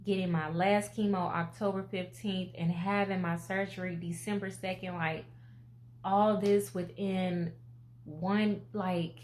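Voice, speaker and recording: A woman in her twenties gives a personal vlog update, talking straight to her viewers in an emotional, expressive way. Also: fairly low pitch, a little slow, a little hiss or hum. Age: 20s. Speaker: vlogger.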